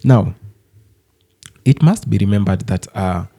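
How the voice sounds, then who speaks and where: A man hosting a channel, giving slow, measured scripted commentary to his viewers. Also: lowish voice, animated, creaky, dark tone. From Africa. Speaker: channel host.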